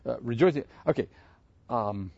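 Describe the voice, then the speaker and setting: Animated preacher man, lively pitch. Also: moderate pace, gravelly, dry recording, lo-fi sound. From Pittsburgh. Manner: animated, asks the audience questions. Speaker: pastor. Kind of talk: sermon.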